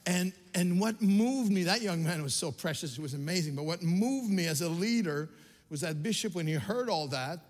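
Older pastor from Quebec, fairly high voice, impassioned sermon with stammered restarts. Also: male voice, animated, normal speed, long reverb tail.

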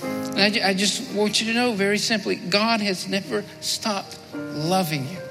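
A high-pitched man preaches an altar call in a church sanctuary, earnest and repetitive, often dropping to a hushed low tone. His voice rings with a long hall reverb over music playing behind him. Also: moderate pace. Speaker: pastor.

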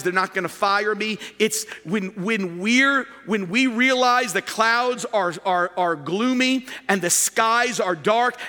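A man delivers an animated sermon from the pulpit, his voice high and bright. He pushes up to shouts to drive points home. The sound carries a long reverb from a large sanctuary. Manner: animated preaching, rising to shouts for emphasis. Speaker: pastor.

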